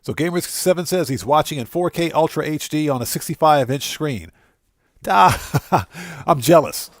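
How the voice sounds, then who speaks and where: Excitable male streamer, casual chat, fairly high voice, dry close mic. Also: moderate pace, dry recording. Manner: chatty and excitable, greeting viewers. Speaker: game streamer. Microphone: streaming setup microphone.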